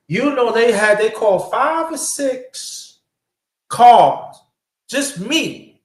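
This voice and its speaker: Animated man telling a story in an echoey room. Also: extremely high pitch, a little slow. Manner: animated storyteller, swears freely. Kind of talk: casual podcast storytelling. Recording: roomy echo.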